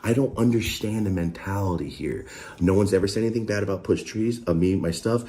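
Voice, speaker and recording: Man, low voice, dark mellow tone, heated profane storytelling. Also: fairly quick. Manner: animated, mimics others in pitched-up voices. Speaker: online creator recounting a dispute. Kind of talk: heated podcast rant.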